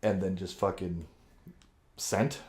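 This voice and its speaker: A man's voice: low voice, slow. Profane man telling a rambling story. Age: adult with kids. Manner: profane, animated storyteller, acts out quotes. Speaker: podcast co-host. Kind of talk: casual storytelling chat.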